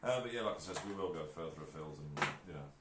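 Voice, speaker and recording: A man's voice: extremely low pitch, expressive, quick pace. A man co-hosting a live stream in easygoing casual chat, reading out viewer comments. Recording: echoey room, distant from mic, faint noise.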